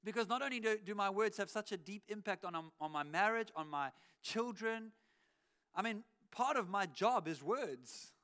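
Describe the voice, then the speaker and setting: High bright-voiced man preaching. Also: animated, normal speed, clear, resonant tone. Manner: conversational preaching, acts out quotes, wry asides. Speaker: pastor. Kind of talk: sermon. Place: church auditorium. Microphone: cheek headset microphone.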